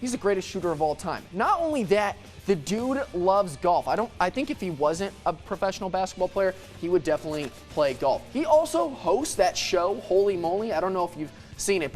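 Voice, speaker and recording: A young man co-hosting a sports debate show, playful and quick to joke while making his case. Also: high-pitched, soft background music. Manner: animated, playful, laughs and jokes.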